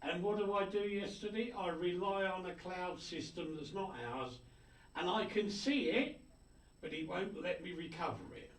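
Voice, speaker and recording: A male radio host chats at a moderate pace, joking around as he reads out listener greetings, his pitch swinging lively. The recording sounds roomy, from a distant mic with faint noise.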